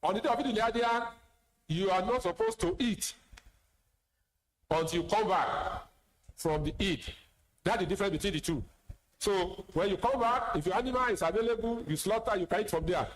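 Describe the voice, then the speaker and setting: A man's voice: high-pitched, animated, a little fast, pauses often, poor audio. A man with a Nigerian accent, an imam giving a sermon, plain-spoken with teasing asides and repeated words. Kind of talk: sermon lecture.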